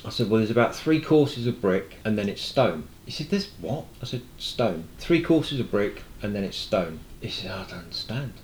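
Low-voiced guy from wales telling stories, doing both sides, echoey room. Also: normal speed, few pauses. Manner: animated storyteller, acts out both sides of conversations. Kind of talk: casual chat. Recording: roomy echo, faint noise.

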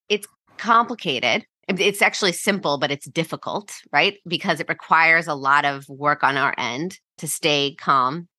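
Woman in her 30s, low but bright voice, chatty explainer with lots of "like"s, dry sound. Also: no room sound. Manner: explanatory, frequent "like" and "you know" fillers. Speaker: psychologist guest. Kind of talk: podcast interview.

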